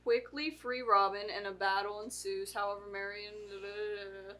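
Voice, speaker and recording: A woman's voice: medium pitch, fairly even intonation, normal speed, bright, forceful tone, rough recording. A teenage girl co-hosting a movie podcast, reading the plot summary aloud and breaking off to joke with her family. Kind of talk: casual chat with read-out plot summary.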